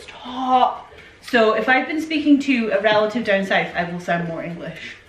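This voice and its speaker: A woman's voice: medium pitch, lively intonation, moderate pace. A Scottish woman hosting a casual question-and-answer vlog at home, chatty and explaining at length. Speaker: vlogger host. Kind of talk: casual Q&A chat. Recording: roomy sound, mic at a distance.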